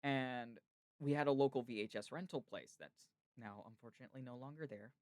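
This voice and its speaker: A man's voice: mid-range voice, a little fast, dry recording, studio quality. A man from the United States hosting a podcast, chatting casually and telling long, rambling stories. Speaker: podcast host. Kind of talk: casual chat.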